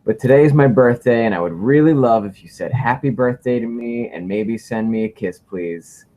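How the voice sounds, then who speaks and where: A man's voice: medium pitch, moderate pace, warm tone, a little hiss or hum. A man co-hosting a casual livestream, rambling and joking as he reads viewer questions. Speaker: livestream co-host.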